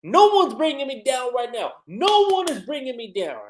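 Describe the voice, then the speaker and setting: A man voicing a loud, triumphant male fighter who gloats and shouts. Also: very high-pitched, sing-song, normal speed, roomy sound, slight background noise, pitched above the performer's own voice. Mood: gloating.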